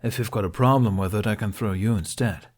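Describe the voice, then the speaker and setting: Guy doing grumpy blunt woodworker dude, low, dry. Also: a little fast, close to an everyday voice. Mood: gruff. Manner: gruff, deadpan. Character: gruff blunt older male woodcarver.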